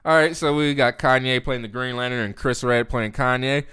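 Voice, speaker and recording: A man's voice: medium pitch, steady tone, moderate pace, few pauses, sharp tone, smooth. A man co-hosting a casual podcast chat, bantering and laughing often. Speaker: podcast co-host.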